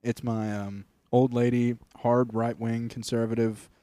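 A man's voice: mid-range voice, flat delivery, a little slow, warm tone, no room sound. Sarcastic laid-back podcast guy. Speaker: podcast co-host. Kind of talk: casual comedy podcast chat.

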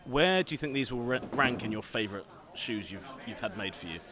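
Recorded in a bar with crowd noise audible, a male podcast co-host with a mid-range, animated, fairly quick voice teases his friends. The banter is casual, full of laughter and mock outrage.

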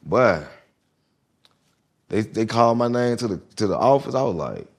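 A man telling a lively story in casual chat, acting out what others said. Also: medium pitch, moderate pace, creaky, breathy edge. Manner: animated storyteller, acts out quotes. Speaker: guest.

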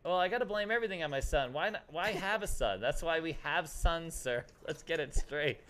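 Excitable rambling man hosting a stream. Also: on the high side, fairly quick, smooth. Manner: excitable, rambling, fond of "dude". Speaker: host. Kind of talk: casual livestream chat.

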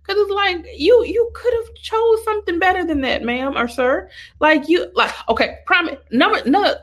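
A woman and makeup artist ranting casually and sassily to her viewers. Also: fairly high pitch. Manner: animated, sassy, talks straight to the viewer. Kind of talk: casual opinion rant.

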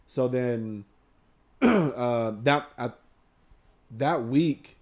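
A man's voice: medium pitch, extremely slow, darkish tone. A man telling a long story to friends in casual chat, rambling, swearing freely and acting out quotes.

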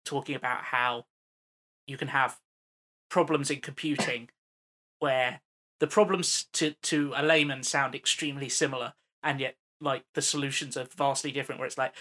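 Bright-voiced man explaining at length. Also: medium pitch, steady tone, normal speed. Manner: explains at length, many fillers. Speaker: podcast co-host. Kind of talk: casual film discussion.

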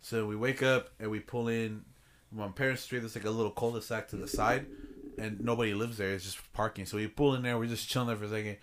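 A man's voice: lowish voice, fairly even intonation, fast talker, background noise. A man co-hosting a casual podcast, telling a profane party story with lots of laughter and acted-out quotes. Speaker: podcast co-host. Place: room at home.

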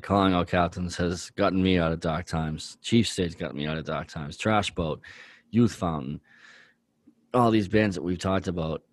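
A man's voice: low voice, no echo. A man co-hosting a podcast, talking earnestly in a rambling way with many fillers. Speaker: podcast co-host. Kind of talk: casual chat.

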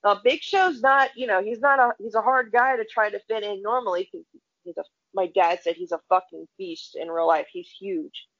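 A woman's voice: medium pitch, normal speed, a bit bright. A woman co-hosting a casual chat, telling stories bluntly with lots of swearing and acted-out dialogue. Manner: blunt, profane storytelling with quoted dialogue. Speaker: podcast co-host. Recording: dull lo-fi sound.

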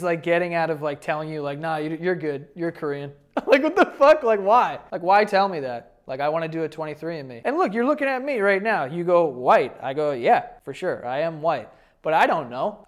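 A young adult man hosting a comedic reaction to online posts, brash and profane, laughing often as he reacts. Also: fairly high pitch. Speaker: host.

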